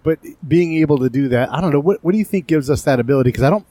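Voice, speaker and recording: A man's voice: fairly high pitch, rapid-fire, mellow, dry recording. A man hosting a podcast interview, chatting casually and asking loose, rambling questions while laughing easily. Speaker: podcast host. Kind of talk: conversational interview.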